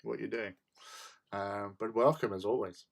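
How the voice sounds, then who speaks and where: A man's voice: on the low side, steady tone, unhurried, creaky. A man hosting a casual hobby stream, chatting and answering viewers while he builds models. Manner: chatty, reads out and answers chat, jokey asides.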